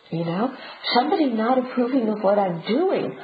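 A woman's voice: on the high side, big pitch swings, normal speed. A woman giving a conversational Buddhist teaching talk, often checking in with her listeners. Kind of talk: dharma talk. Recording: roomy, dull and noisy.

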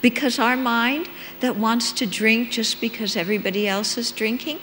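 A woman's voice: fairly high pitch, fairly even intonation, a bit bright. A woman giving a conversational dharma talk as a meditation teacher, checking in with her listeners as she explains. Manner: unhurried, checks in with listeners with "okay?". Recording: long reverb in a hall, faint hum.

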